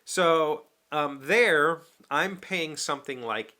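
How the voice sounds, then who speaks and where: Chatty bright-voiced man telling a story. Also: on the high side, takes it slowly. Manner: chatty storyteller, acts out both sides of a phone call. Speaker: vlog host. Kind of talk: casual chat to camera.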